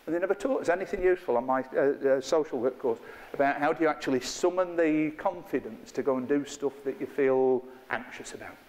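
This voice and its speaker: Chatty man, fairly high voice. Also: a little fast, hardly any pauses, a little mellow, big-room sound. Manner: chatty, self-mocking, playful. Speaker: workshop trainer. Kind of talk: interactive workshop teaching. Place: training room with a live group.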